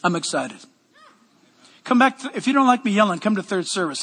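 A pastor with a strikingly high, bright voice preaches with loud energy in a church sanctuary, tossing joking asides to the congregation. His words ring out with a long reverb in the hall. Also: expressive, moderate pace. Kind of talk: sermon.

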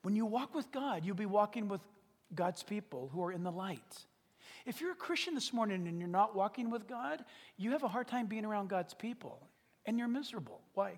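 A pastor preaching a sermon, animated and dramatic, dropping to whispers and acting out little scenes. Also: male voice, high-pitched, brisk, long reverb tail. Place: church service.

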